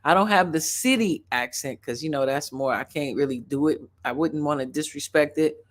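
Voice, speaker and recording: A woman's voice: deep voice, normal speed. Chatty Chicago-accented woman reacting. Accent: suburban Chicago. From Chicago, USA. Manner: rambling, chatty, talks straight to viewers. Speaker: host. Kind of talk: casual reaction commentary.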